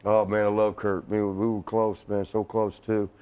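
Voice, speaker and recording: A man's voice: on the low side, level tone, moderate pace, clean tone, muffled recording. A middle-aged man telling stories as a guest in a casual studio interview, rambling with frequent restarts and laughing at his own jokes. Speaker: interview guest, retired wrestler.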